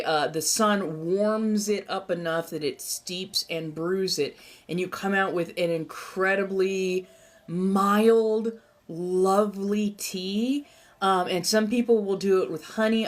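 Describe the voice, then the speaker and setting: A young American woman with a slight Southern accent, chatting casually and laughing with her livestream chat. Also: lowish voice. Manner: animated, laughing, reacting to chat. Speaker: livestream host.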